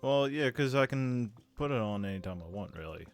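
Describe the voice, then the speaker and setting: A man's voice: mid-range voice, lively intonation, brisk, soft background music. Wry Australian man chatting. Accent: Australian, mixed with American. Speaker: streamer. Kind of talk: casual chat.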